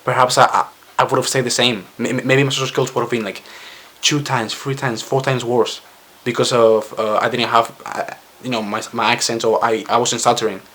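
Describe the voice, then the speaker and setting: A man's voice: mid-range voice, little pitch movement, fairly quick, few pauses, a bit bright. A young man from Spain with a Spanish accent, stuttering and restarting as he talks casually to camera in his vlog. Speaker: vlogger.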